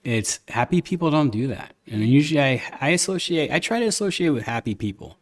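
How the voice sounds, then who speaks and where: A man's voice: fairly high pitch, big pitch swings, fairly quick. A man hosting a podcast, telling stories and opinions in a candid, rambling casual chat. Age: adult, a father. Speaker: podcast host.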